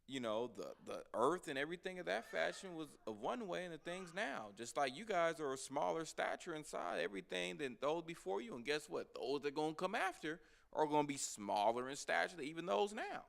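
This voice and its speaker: A man's voice: on the high side, creaky, a bit bright. A man teaching an informal Bible class, conversational and emphatic, addressing the class directly.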